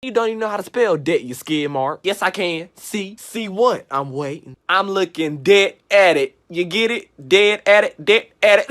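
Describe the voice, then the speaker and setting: A man's voice: high voice, expressive, a bit bright. A man voicing cheeky schoolkids who trade savage insults in a comedy skit. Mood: taunting. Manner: quick playground trash talk.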